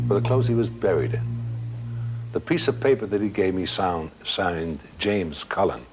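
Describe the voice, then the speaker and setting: As a guest on a talk show, an older man with a deep voice tells a ghost story, dramatically acting out the other people's voices. There's slight background noise.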